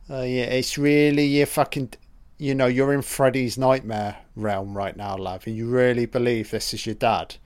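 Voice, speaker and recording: A man talks over a film in a slow, unhurried drawl, swearing freely and jeering at the characters. His voice stays smooth and clean throughout, even as the jokes get crude. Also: mid-range voice. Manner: crude, profane and mocking toward the characters. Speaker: film commentator. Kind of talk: audio commentary over a film.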